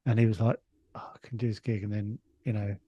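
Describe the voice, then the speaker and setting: A man's voice: on the low side, level tone, fast, breathy edge, dry recording, muffled recording. Man, middle-aged, rambling anecdote, dry recording. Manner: rambling storyteller with frequent restarts and laughs. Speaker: comedian guest. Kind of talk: casual anecdote.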